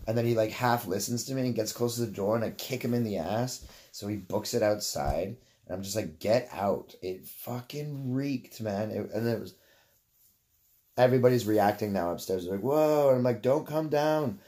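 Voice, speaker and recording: Canadian guy rambling thru a story, swears a lot, lowish voice, keeps going off on tangents. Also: normal speed, warm tone. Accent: Canadian English. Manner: swears freely, drifts off on tangents, laughs mid-story. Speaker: vlogger.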